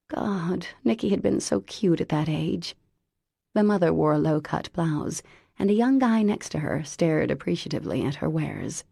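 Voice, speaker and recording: A woman narrating an audiobook in an expressive, unhurried storytelling manner. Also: low-pitched, gravelly, breathy edge, no room sound, clean studio sound. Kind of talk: scripted narration.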